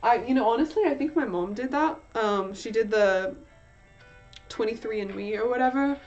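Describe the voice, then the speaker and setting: Faint music plays beneath dull lo-fi audio as a weary young woman hosts a casual livestream chat. Her voice sits fairly high and a bit dark, moving at normal speed, and she rambles self-mockingly in an affected British accent.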